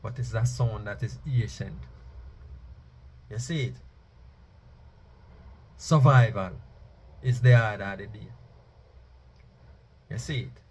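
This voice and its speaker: A man's voice: lowish voice, slow, pauses often, darkish tone, slightly rough. A man delivering an emphatic preaching monologue, chanting key phrases for effect. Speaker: Rastafari speaker.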